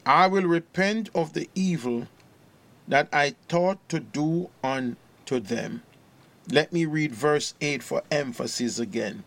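A man preaching a sermon and reading scripture aloud, slow and deliberate, rising in emphasis on key verses. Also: fairly high pitch, a bit bright.

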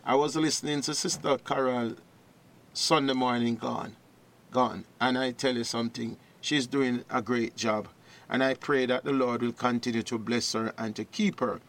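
A man's voice: mid-range voice, fairly even intonation, normal speed, a bit bright. A man preaching a sermon, reading scripture in a rising, declaiming voice and greeting partner ministries.

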